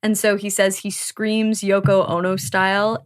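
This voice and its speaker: A woman's voice: mid-range voice, little pitch movement, unhurried. A woman hosting a book podcast, chatting casually, laughing often and swearing freely. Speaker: podcast host.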